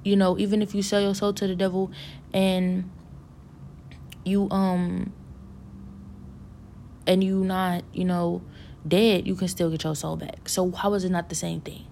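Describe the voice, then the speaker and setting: A woman with a somewhat low, gravelly voice recounts a vision in a loose, rambling way. She circles back often, restarting thoughts and leaning on fillers while she muses earnestly about faith. Her tone is mellow, with a faint hiss under the recording. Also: flat delivery, unhurried, pauses often. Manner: earnest religious musing. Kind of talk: casual storytelling of a vision.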